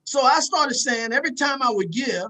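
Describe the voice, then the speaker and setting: A man's voice: very high voice, expressive, normal speed, pushed and bright, poor audio. A man giving a preachy motivational talk, emphatic and repetitive, speaking straight to his audience.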